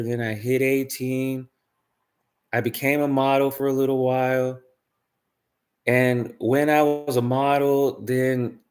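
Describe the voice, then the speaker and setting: A man talks straight to his audience in a loose storytelling monologue. He rambles and doubles back, lands his points with emphasis and swears freely, in an ordinary mid-pitched voice. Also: a little mellow. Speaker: spiritual vlogger.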